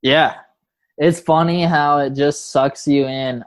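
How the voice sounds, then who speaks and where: An easygoing male host chats slowly and laughs along with his guest. His voice is smooth and clear. The sound is dry and close. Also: fairly high pitch, steady tone, dry recording. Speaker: podcast host. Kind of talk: casual interview chat.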